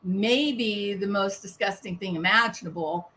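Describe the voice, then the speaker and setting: A woman's voice: medium pitch, measured pace, bright, forceful tone, a little hiss or hum. A woman giving sarcastic, indignant commentary on a press conference, firing off rhetorical questions.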